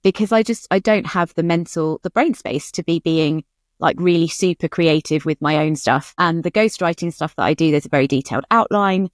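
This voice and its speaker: A woman's voice: deep voice, fairly quick, no room sound, studio quality. A woman co-hosting a writing podcast in casual chat, candid and chatty. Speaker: podcast co-host.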